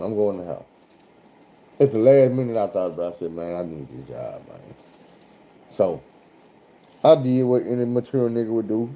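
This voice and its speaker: A man from Arkansas, a truck driver telling a road story in a loose, animated, heavily profane way. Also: fairly low pitch. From Arkansas, USA. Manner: animated, profane, swears often.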